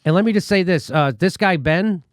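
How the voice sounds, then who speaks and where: A male comedy host rants sarcastically and swears freely as he reacts to news clips. His voice sits a little high. The sound is dry and close, with no room in it. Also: brisk, no room sound. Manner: sarcastic, profane ranting. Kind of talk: comic political commentary.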